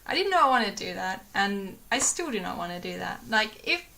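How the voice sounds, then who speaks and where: Bright-voiced young woman vlogging casually. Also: medium pitch, sing-song, moderate pace, vocal fry. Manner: rambling, lots of fillers and restarts, laughs often. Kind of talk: casual chat to camera.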